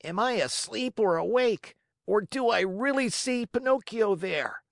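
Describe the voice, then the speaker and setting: A man voicing a chorus of small excited wooden marionettes, shouting shrilly in an audiobook reading. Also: high voice, measured pace, creaky, no echo, clean studio sound, pitched above the performer's own voice, heavily acted.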